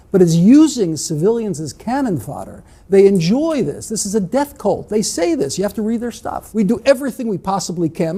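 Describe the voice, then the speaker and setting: A man's voice: high voice, dark tone, breathy edge. A man in his sixties with an American accent, speaking firmly and insistently in a TV news interview. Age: 60s. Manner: firm, insistent. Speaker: ambassador interviewed on TV.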